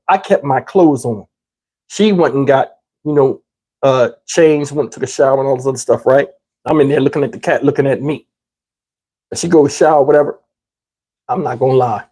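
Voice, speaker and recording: A man telling a comedic story, jumping up high in pitch whenever he quotes himself. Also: slightly rough. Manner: animated, jumps up high for quoted lines.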